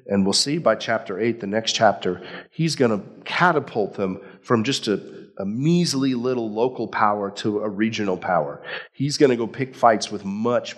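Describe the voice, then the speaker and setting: A man preaching a sermon in a conversational, animated way, acting out quotes as he goes. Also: fairly low pitch. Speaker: pastor.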